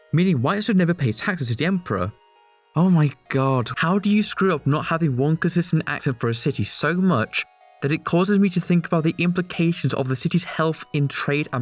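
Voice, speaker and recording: Sarcastic man with a lively voice. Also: a little high, brisk, faint music behind. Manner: sarcastic, exasperated. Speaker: video essayist critic. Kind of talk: scripted commentary.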